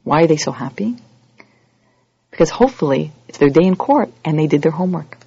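A religious teacher giving a holiday sermon to a congregation, lively and acting out everyday scenes in other voices. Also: mid-range voice, brisk, gravelly, slightly rough, dry recording, muffled recording.

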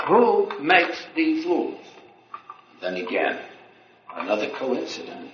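A man's voice: big pitch swings, a little slow, sharp tone. A man giving a religious lecture, firing rhetorical questions and acting out quoted dialogue. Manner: rhetorical questions, acts out dialogue with sweeping pitch. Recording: echoey, dull lo-fi recording with faint noise.

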